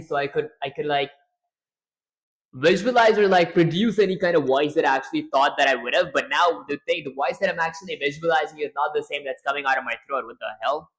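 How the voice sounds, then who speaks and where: A man's voice: on the high side, a bit bright. Rambling, self-mocking male streamer. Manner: rambling and self-mocking, clears his throat often. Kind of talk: casual livestream chat.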